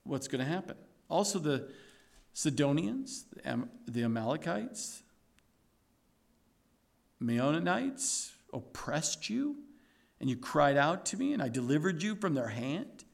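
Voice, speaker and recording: A man preaching a sermon in an animated, emphatic way, full of rhetorical questions. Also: on the high side, a little slow, creaky, long pauses.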